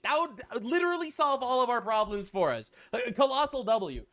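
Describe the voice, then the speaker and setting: A man's voice: extremely high pitch, very animated, moderate pace, a bit bright. A man hosting a political reaction commentary show, talking in a sarcastic, crude, mocking way. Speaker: show host.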